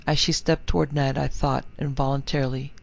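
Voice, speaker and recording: A man narrating a scripted horror story in a measured, somber, literary manner. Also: medium pitch, flat delivery, gravelly, muffled recording.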